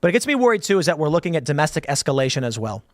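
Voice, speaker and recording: A man's voice: on the high side, very animated, very fast, dry recording, clean studio sound. A man giving an emphatic political opinion monologue, restarting phrases often and acting out quoted voices as he talks. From United States. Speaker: political commentator.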